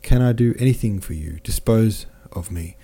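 A chatty French army captain, friendly and effusive, speaking in a low, dark, mellow voice that lifts a little with his cheer, as a male audiobook reader puts him on. He talks with easy warmth in a read-aloud classic novel. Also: animated, normal speed, husky. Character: cheerful, talkative French army captain, middle-aged man.

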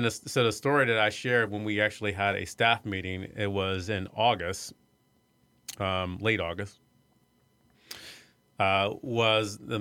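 A middle-aged man from Iowa telling a personal story in an interview, soft-spoken and hesitant, with many fillers and restarts. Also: fairly low pitch, dry recording. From Iowa, USA. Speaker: arts center executive director.

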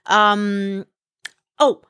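A woman's voice: medium pitch, fairly even intonation, extremely slow, a bit bright, clear, resonant tone. A British woman co-hosting a podcast, chatting casually, hesitant with many ums and restarts, dry and wry. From Britain. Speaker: podcast co-host. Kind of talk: casual chat. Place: in Canada.

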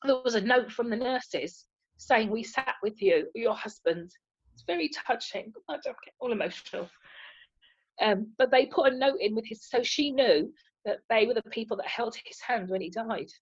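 A woman who is a head of nursing, talking in an emotional, halting way. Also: fairly high pitch, breathy edge, dry recording, dull audio.

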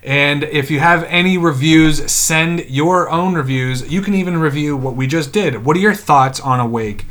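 A man's voice: on the high side, moderate pace, hardly any pauses, a bit bright. Joking man co-hosting a podcast. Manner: joking, laid-back banter. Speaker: podcast co-host. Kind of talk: casual chat.

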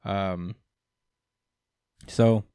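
A man's voice: low voice, very slow, smooth, no room sound, studio quality. Laid-back man recapping manga chapters. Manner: relaxed, many fillers, acts out characters in quotes. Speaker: podcast co-host. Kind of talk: casual manga review chat.

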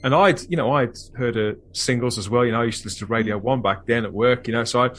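A man hosting a fan podcast, talking in a wordy, reflective way with animated bursts. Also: mid-range voice, fast talker, a little hiss or hum. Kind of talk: casual chat and reflective narration.

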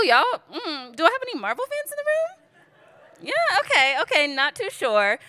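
Speaking straight to her listeners, a woman preaches with lively humor and a relaxed, story-driven delivery. Her pitch is medium, and the sound has no echo.

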